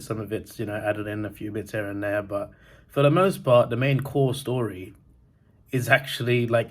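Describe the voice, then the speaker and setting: A man's voice: lowish voice, no room sound. A young man rambling casually through a movie review vlog, laughing as he talks. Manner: chatty, rambling, laughs often. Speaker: movie vlogger. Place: outdoors and in a cinema. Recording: noisy outdoor phone recording. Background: wind and traffic.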